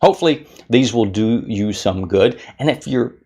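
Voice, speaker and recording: A man giving an upbeat motivational talk straight to camera, in the manner of a keynote speaker. His voice sits at a middle pitch with a gravelly edge, and he keeps it energetic, sliding into playful put-on voices to act out moods. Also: normal speed.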